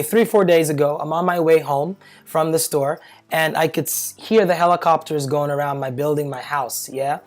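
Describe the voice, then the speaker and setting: A man talking to camera, telling a personal story in a chatty, animated way, full of fillers and nervous laughs. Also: fairly high pitch. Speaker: vlogger.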